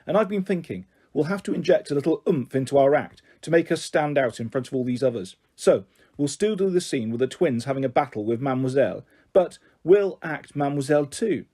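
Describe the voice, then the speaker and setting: A man's voice: medium pitch, expressive, a little fast, mellow, natural voice. A man reading aloud, voicing a pushy, relentless young girl who bosses her twin sister. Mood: bossy. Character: bossy determined girl twin Ruby.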